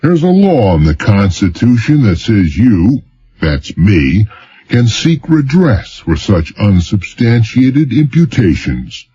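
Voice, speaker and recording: A man reading an audiobook, voicing a sarcastic, contemptuous, weary man in a slow, raised voice. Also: lowish voice, very animated, warm tone, slightly rough, no room sound, highs cut off, pitched above the performer's own voice, heavily acted. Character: sardonic mysterious male doctor, mocking and contemptuous.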